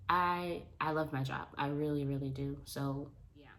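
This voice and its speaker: A young adult woman chatting casually to the camera in an animated way about her work as a teacher's aide. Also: deep voice, normal speed. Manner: animated, talks with her hands. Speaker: vlogger, school paraprofessional. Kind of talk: casual vlog chat to camera.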